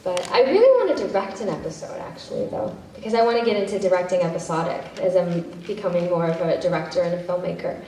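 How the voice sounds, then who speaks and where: This woman, an actress and director, talks fast with few pauses in a lowish, warm voice full of lively intonation. She's fielding fan questions on a convention panel, chatty and self-interrupting, laughing freely. The sound is distant and echoey, as if from across a hall, with a little background noise.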